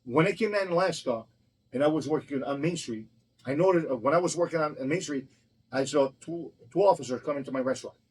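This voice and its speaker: A man's voice: fairly high pitch, quick pace, a little mellow, breathy edge, rough recording. A man who owns a restaurant, telling stories in a blunt, profane, heated way during a casual conversation. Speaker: restaurant owner. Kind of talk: casual storytelling.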